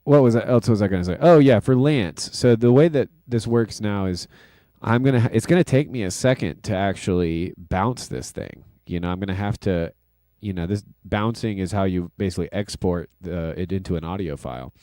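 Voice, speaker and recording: A man's voice: on the low side, brisk, mellow, no room sound, studio quality. A man hosting a casual livestream, rambling loosely with lots of fillers and self-deprecating asides. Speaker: livestream host and music producer.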